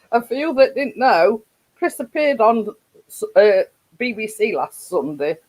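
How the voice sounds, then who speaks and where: Yorkshire lady chatting on her live stream, slow and rambly, keeps laughing. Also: fairly high pitch, darkish tone, rough recording. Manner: rambling, laughs often, many restarts. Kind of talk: casual live stream chat.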